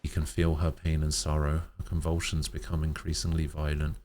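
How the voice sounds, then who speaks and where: A man streamer reading a sad story aloud in a slow, measured way, with occasional slips. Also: very deep voice, completely flat delivery, background noise.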